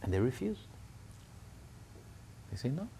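A man's voice: medium pitch, big pitch swings, measured pace, dark tone, a little hiss or hum. A man giving a sermon through a family story, talking casually with restarts and building to fervent, emphatic peaks. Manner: conversational, with fillers and restarts, rising to fervent peaks.

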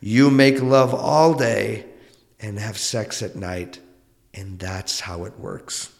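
A man's voice: on the low side, steady tone, takes it slowly, creaky, big-room sound, pitched below the performer's own voice. Man doing his Portuguese-accented old mother. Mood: advising. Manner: motherly, advising. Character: his elderly mother, warm and matter-of-fact.

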